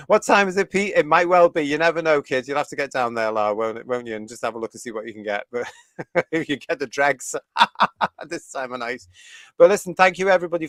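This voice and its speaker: Fairly high in pitch and bright in tone, this UK host of a fan review live stream reads out viewer comments enthusiastically, chatting and laughing frequently. The recording is dry and studio quality.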